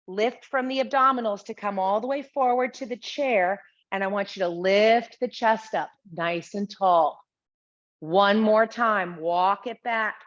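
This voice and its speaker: Slow, calm woman cueing exercises. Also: mid-range voice. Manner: calm, steady cueing of breath and movement. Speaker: Pilates instructor. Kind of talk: guided exercise class instruction. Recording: slightly dull lo-fi sound.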